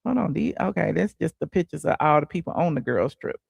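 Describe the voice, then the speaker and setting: Sassy gravelly-voiced woman gossip host. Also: sits low, animated, a little fast, a little mellow, dry recording. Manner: sassy, chatty, says "honey" and "okay". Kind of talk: casual celebrity gossip livestream.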